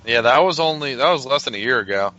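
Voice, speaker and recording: A man's voice: medium pitch, lively intonation, fast, bright, forceful tone, lo-fi sound. A man hosting a casual podcast, running through the fight card and swearing freely. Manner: loose and profane, leads the segments. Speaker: podcast host. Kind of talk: casual MMA preview talk.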